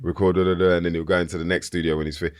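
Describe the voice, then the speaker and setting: A very deep-voiced man talks in a relaxed, slangy way about music, dropping into playful voices now and then. The sound is dry and close, with no room echo. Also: very fast, clear, resonant tone. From United Kingdom. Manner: laid-back, slangy, breaks into impressions of rappers. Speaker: podcast guest, rapper. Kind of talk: casual chat.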